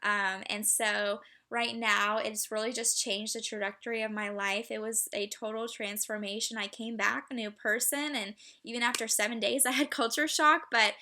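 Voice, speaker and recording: A young woman with a bright, slightly high voice tells a personal story. She talks in an emotional, halting way, with many fillers and restarts. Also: steady tone. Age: young adult. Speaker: student speaker.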